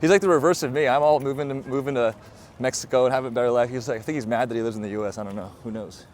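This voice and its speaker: A man's voice: medium pitch, fairly even intonation, very fast, a little mellow, a little hiss or hum. Laid-back slangy man vlogging outdoors. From United States. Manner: slangy and laid-back, peppered with bro and dude. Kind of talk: casual vlog narration. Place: outdoors at a busy urban border crossing. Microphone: handheld microphone.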